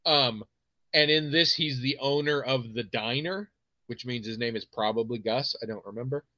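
A man co-hosting a podcast in casual chat, telling stories animatedly with quick restarts and putting on voices now and then. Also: mid-range voice, sharp tone, no echo. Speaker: podcast co-host. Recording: dry, slightly muffled mic.

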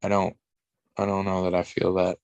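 A man's voice: deep voice, monotone, moderate pace, darkish tone, dry recording, highs cut off. A man talking in casual podcast chat, rambling and wry, with frequent restarts and casual swearing.

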